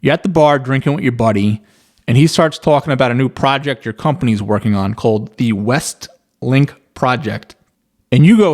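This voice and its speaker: A man speaks in a middle-pitched voice in a reaction commentary. He sounds skeptical and walks through long hypothetical scenarios to make his argument. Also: normal speed, a little mellow.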